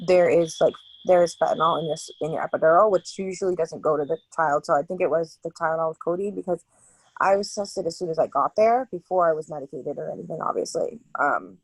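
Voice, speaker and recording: A young woman from Massachusetts, a guest telling her story in an interview, halting and full of restarts. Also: low voice, slightly rough, no echo, low-quality recording. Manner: halting, many fillers and restarts.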